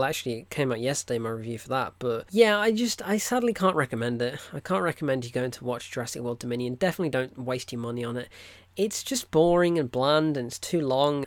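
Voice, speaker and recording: A man's voice: medium pitch, no room sound. A man reviewing films in a casual, rambling vlog, full of "look" and "right?" asides. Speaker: film reviewer. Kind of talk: casual weekly film diary vlog.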